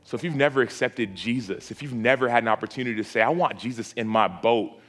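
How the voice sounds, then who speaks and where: A man's voice: medium pitch, fast talker, hardly any pauses, a bit bright. A man preaching an altar call in a church auditorium, with a repetitive, pleading cadence.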